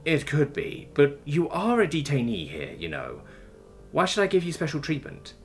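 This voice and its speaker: Narrator voicing a patient male interrogator: mild, even, slightly raised and hushed. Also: a little high, moderate pace, faint music behind, voice pushed up. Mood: calm probing. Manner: mild, even, coaxing questioning. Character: calm, patient male interrogator, gently smiling.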